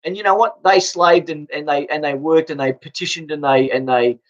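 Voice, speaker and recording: A man's voice: a little high, fairly quick. Angry Australian man ranting, lo-fi. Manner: blunt, swearing, stumbling restarts. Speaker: political vlogger. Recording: dull lo-fi recording.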